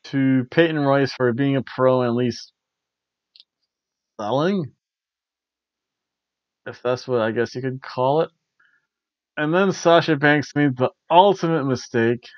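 A man's voice: medium pitch, dry recording, dull audio. A man hosting a casual spoken review. He rambles, corrects himself and chuckles often. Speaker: host of a wrestling review show.

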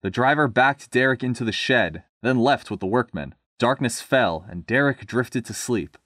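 A man's voice: mid-range voice, expressive, moderate pace, a bit bright, no room sound, clean studio sound. Chatty man reading a story aloud. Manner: casual, chatty asides. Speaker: story reader and reviewer. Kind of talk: storybook narration with commentary.

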